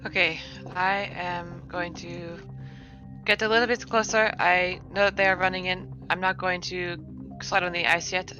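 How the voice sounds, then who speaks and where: A woman's voice: lowish voice, level tone, normal speed, bright, forceful tone, lo-fi sound, faint music behind. A woman playing a tabletop game, describing her moves carefully and hesitantly. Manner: careful, hesitant, thinks aloud. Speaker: player.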